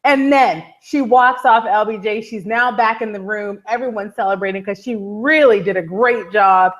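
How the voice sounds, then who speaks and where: A woman co-hosting a live TV recap show, an animated storyteller who keeps repeating a catchphrase. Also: mid-range voice, normal speed, highs cut off. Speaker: podcast co-host.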